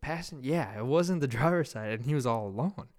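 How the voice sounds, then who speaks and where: A man's voice: mid-range voice, lively intonation, brisk. Young guy podcast host rambling thru a story, swears a lot, laid back, regular mid voice. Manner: loose, profane, rambling anecdote telling. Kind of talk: casual storytelling chat.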